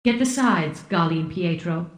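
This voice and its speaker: A woman reading an audiobook voices a brisk, commanding woman team leader who speaks crisply and tartly. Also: lowish voice, expressive, close to an everyday voice. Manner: crisp and bossy. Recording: roomy echo.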